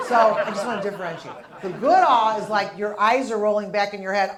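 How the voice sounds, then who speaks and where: A middle-aged woman performing stand-up comedy at a medium pitch. She tells stories and acts out other people's lines with big, drawn-out exclamations. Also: a crowd in the background, background noise. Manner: animated storyteller acting out characters with big exclamations. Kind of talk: stand-up routine.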